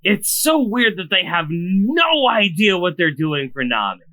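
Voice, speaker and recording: A man co-hosting a podcast in casual chat, mostly chiming in with short reactions and quick jokes. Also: sits high, sing-song, pushed and bright. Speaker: podcast co-host.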